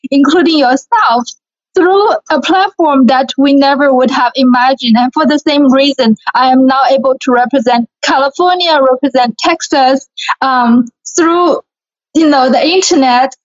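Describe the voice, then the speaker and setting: A young woman from China with a Chinese accent, talking earnestly and brightly as an interview guest. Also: high voice, moderate pace. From Shanghai, China. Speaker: guest, beauty pageant winner. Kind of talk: casual interview talk. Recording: lo-fi recording.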